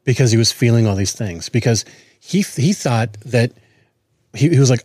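A man's voice: mid-range voice, expressive, normal speed, darkish tone, breathy edge, dry recording, clean studio sound. Earnest man in his forties. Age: 40s. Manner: earnest, repeats and restarts words. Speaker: podcast co-host. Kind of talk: casual chat.

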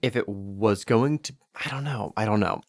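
A man co-hosting a casual podcast chat, telling anecdotes in a relaxed way with some fillers. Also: fairly low pitch, moderate pace, no room sound. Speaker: podcast co-host.

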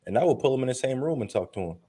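A man's voice: medium pitch, expressive, racing, dark tone, husky. A man co-hosting a casual talk, speaking earnestly and acting out quoted conversations. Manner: earnest, tells stories with quoted dialogue. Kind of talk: casual chat.

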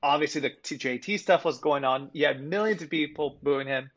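Animated man on lo-fi audio. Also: fairly high pitch, fairly quick. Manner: animated, swears freely, laughs between points. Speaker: podcast co-host. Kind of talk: casual sports chat.

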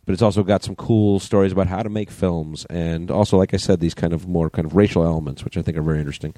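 Low-voiced easygoing man co-hosting. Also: steady tone, quick pace, mellow, no room sound. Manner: easygoing, steers the talk with short prompts. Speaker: podcast co-host. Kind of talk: casual podcast chat.

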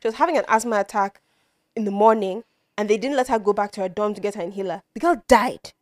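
A woman's voice: mid-range voice, fast, a little mellow, dry recording, studio quality. A woman in her twenties from Nigeria co-hosting a podcast, teasing and dramatic in casual chat. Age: 20s. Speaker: podcast co-host.

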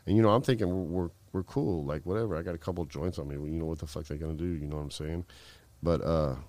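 A middle-aged male guest tells a long story in a rumbling low, darkish voice at a quick pace. His speech is casual and rambling, heavy with fillers and swearing.

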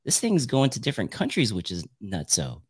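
A man's voice: lowish voice, wildly swooping pitch, brisk, slightly rough. A man hosting a podcast in casual chat, upbeat and chatty, laughing often. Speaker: podcast host.

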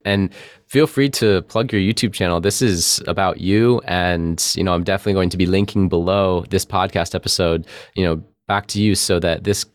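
A man's voice: low-pitched, steady tone, normal speed, dry recording, clean studio sound. A man hosting a podcast interview, affirming his guest and asking prepared questions. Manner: affirming, encouraging, many fillers. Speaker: podcast host.

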